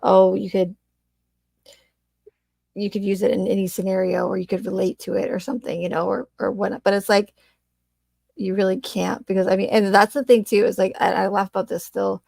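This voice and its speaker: Animated woman host, creaky voice. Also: medium pitch, brisk, no room sound. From Arizona. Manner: animated storytelling with frequent laughs and fillers. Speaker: channel host. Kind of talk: casual livestream chat.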